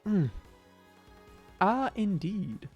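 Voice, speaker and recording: A man's voice: high voice, big pitch swings, extremely slow, darkish tone, husky, lo-fi sound, soft background music. A man streaming a game with playful, rambling commentary, trying out silly accents. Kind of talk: casual let's-play commentary.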